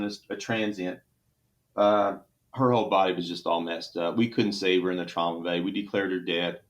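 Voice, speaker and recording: A middle-aged man from Texas with a Texan accent, a trauma surgeon telling an emotional story in an interview, earnest and halting with restarts. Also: mid-range voice.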